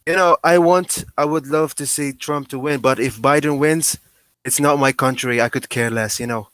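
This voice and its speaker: A man's voice: mid-range voice, steady tone, moderate pace, fairly bright tone, smooth, dry recording. A man calling in to a live show, blunt and provocative in casual chat. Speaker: caller.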